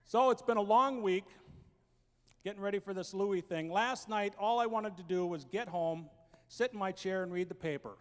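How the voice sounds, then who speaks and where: A man in his thirties telling family stories as a stand-up comedian, acting out the voices and building to shouted punchlines on an auditorium stage. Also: high-pitched, normal speed. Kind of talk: stand-up storytelling. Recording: long hall reverb.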